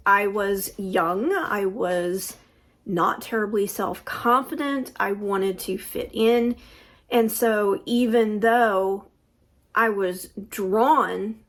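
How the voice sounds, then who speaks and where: Slow, thoughtful middle-aged woman. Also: medium pitch. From United States. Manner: unhurried, thoughtful, with frequent pauses. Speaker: tarot vlogger. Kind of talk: reflective personal vlog.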